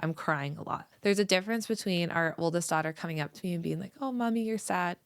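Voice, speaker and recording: A woman in her thirties hosts a casual parenting podcast, her low voice carrying a gravelly edge. She explains things patiently, building up example scenarios. The sound is dry and close. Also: fast talker, no echo. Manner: explanatory, walks through examples step by step. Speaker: podcast host and therapist.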